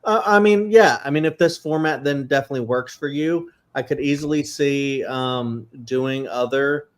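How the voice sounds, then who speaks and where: A man co-hosting a casual chat show, rambling with many fillers, excitable and a little emotional. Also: mid-range voice, moderate pace. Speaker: co-host.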